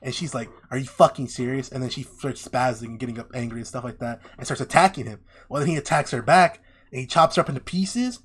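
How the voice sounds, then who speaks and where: Animated storytelling podcast guy. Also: mid-range voice, quick pace, breathy edge. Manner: animated storyteller acting out characters' lines, heavy swearing. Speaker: podcast co-host. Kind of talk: casual chat, retelling a story.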